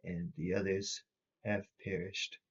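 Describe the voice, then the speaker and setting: A man voicing a cold entity that speaks through a young man in a flat monotone. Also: low voice, measured pace, husky, lo-fi sound, exaggerated voice. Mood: flat, cryptic.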